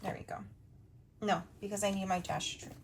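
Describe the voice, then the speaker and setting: A woman in her thirties hosting a budgeting video, chatting casually while she counts cash out loud. Her voice is going a little hoarse. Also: mid-range voice, little pitch movement, background noise. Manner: chatty, counts money out loud, quick asides.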